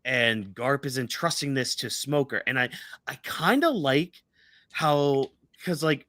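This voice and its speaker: A man co-hosting a casual fan discussion show. His voice sits at a middle pitch and is recorded dry and close. He rambles, restarting sentences and leaning on fillers. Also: lively intonation, a little slow, fairly bright tone, no room sound. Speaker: podcast co-host.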